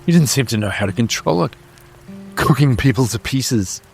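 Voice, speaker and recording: A man's voice: mid-range voice, lively intonation, gravelly, faint music behind. A man playing a bitter grim woman survivor. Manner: scornful, bitter, measured. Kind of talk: playing a tabletop game character.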